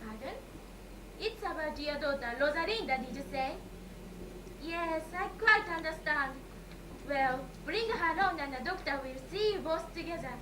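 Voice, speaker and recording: A woman playing a prim, dismissive receptionist in an amateur stage comedy, crisp and formal. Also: high voice, expressive, moderate pace. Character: cool, prim female receptionist. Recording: echoey hall, far mic, hiss.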